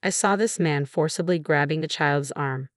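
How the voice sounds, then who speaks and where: A woman with a notably low voice tells a first-person story in a steady, measured narration. Her delivery stays even from line to line. The recording is dry and close, with no room sound. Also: no echo.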